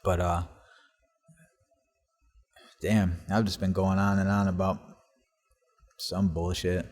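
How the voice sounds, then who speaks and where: A man's voice: deep voice, level tone, takes it slowly, a little mellow. A man hosting his own podcast, telling rambling stories in casual talk and swearing constantly, recorded on a laptop in a basement workshop. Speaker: podcast host. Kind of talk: casual solo storytelling. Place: basement workshop in an old house.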